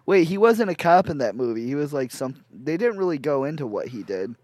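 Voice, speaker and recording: Rambling young man, slightly high voice. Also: sing-song, brisk, darkish tone, dry recording. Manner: rambling, laughs often, heavy filler words. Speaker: podcast co-host. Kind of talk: casual crude comedy chat.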